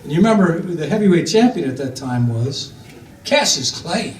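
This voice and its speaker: A man's voice: fairly high pitch, very animated, moderate pace, a little hiss or hum. An older man from Ohio telling a rambling family story with lots of fillers, slipping into the voices of the people he quotes. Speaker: storyteller recounting family history. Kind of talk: casual spoken storytelling. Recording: echoey room, voice from a distance, faint ambience.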